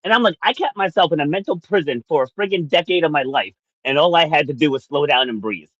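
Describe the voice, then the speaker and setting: Animated male storyteller, slightly muffled. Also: on the high side, quick pace, no echo. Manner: animated storyteller, laughs often. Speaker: podcast co-host. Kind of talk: personal storytelling.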